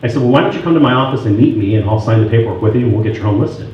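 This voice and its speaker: At a real estate sales meeting held in a meeting room, a man delivers stories in a rapid-fire, mid-range voice, taking on both roles in phone calls. His words come through distant and muffled, dull in tone, with heavy room echo and faint noise.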